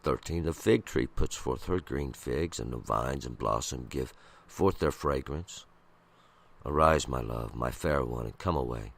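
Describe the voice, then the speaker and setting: A man reading scripture verse by verse and commenting on it in a slow, halting way, often pausing and restarting. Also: very deep voice, vocal fry, a bit bright. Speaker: Bible commentator.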